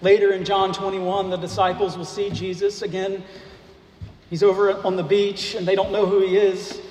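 A man preaching a sermon, speaking slowly and deliberately and asking rhetorical questions of the congregation. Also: sits high, level tone, darkish tone. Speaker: pastor. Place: church sanctuary. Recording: echoey hall, faint noise.

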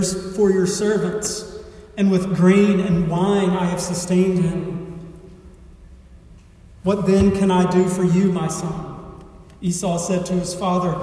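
A man reading scripture aloud and then preaching an earnest sermon as pastor, with emphatic delivery and dramatic pauses. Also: high voice, warm tone. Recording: echoey hall, voice from far off.

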